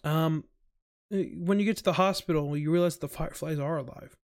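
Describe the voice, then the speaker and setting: A young man in a casual, rambling recap of a video game, excited, swearing and saying "like" constantly. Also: on the high side, brisk. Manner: excited, rambling, heavy use of "like", swears often.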